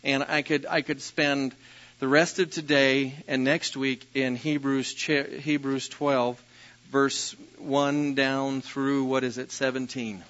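Pastor, male, sermon delivery, bright forceful tone, lo-fi recording. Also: mid-range voice, level tone, slow. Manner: storytelling, self-deprecating, rises to loud bursts.

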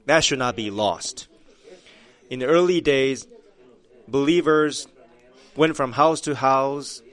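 Slow, emphatic male preacher. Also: mid-range voice. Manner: slow, emphatic preaching that swells to loud cries. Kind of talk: sermon.

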